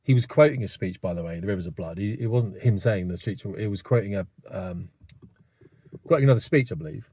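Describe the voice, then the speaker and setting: A man's voice: on the low side, fairly quick, mellow, slightly rough, dry recording. A man, delivering a rambling, blunt opinion monologue to camera with many asides. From England. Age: 50s. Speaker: vlogger.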